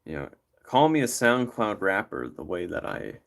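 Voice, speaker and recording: A man's voice: deep voice, big pitch swings, moderate pace, vocal fry. A man hosting a livestream, chatting casually with rambling jokes. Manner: rambling, joking, playful. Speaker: livestream host.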